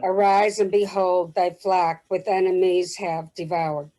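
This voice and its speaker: A woman reads an ancient text aloud to a study group, slowly and carefully. Her voice is mellow and dark in tone. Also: fairly low pitch, flat delivery, rough recording. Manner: slow, careful reading. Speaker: class participant reading aloud.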